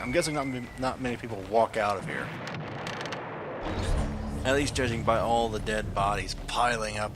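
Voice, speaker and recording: A man's voice: medium pitch, background noise. A man giving casual gameplay commentary, rambling with joking asides and correcting himself as he goes. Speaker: let's play commentator.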